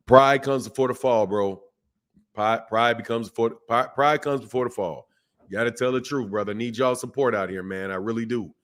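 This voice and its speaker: Casual man hosting a boxing stream. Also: mid-range voice. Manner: loose, repetitive, greets viewers by name. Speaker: boxing channel host. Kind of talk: casual live-stream chat.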